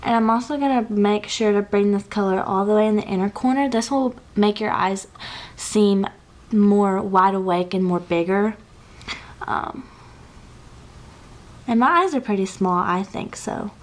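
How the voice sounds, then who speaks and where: A woman's voice: medium pitch, unhurried. A young woman vlogger talking casually through her makeup routine, chatty and gushing, with lots of fillers. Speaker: beauty vlogger. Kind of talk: casual makeup tutorial chat.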